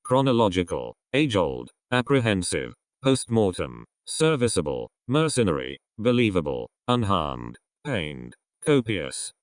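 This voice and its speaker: A man reading out an English vocabulary list one word at a time, in a slow, measured way with falling ends. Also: low-pitched, big pitch swings, dry recording, studio quality. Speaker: vocabulary reader. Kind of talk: word list read aloud.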